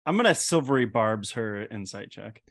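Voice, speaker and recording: A man's voice: fairly low pitch, expressive, moderate pace, vocal fry, a bit bright, no echo, studio quality. A man playing a tabletop game, talking in a playful, boastful way. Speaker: player.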